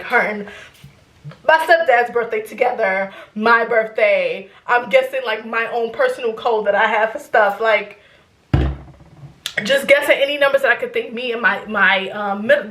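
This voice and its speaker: A young adult woman vlogger telling a story in casual chat, rambling and animated, swearing freely. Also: fairly high pitch, reverberant.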